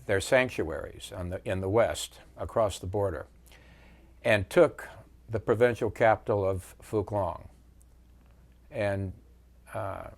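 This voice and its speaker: A man in his seventies, interviewed as a veteran, recounting wartime memories with measured storytelling and frequent pauses. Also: on the low side.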